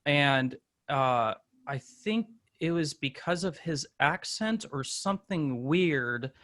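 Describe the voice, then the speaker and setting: A man's voice: a little high, animated, takes it slowly, a bit bright. A man hosting a podcast, chatting casually and rambling as he searches for details. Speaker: podcast host. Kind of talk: casual conversation.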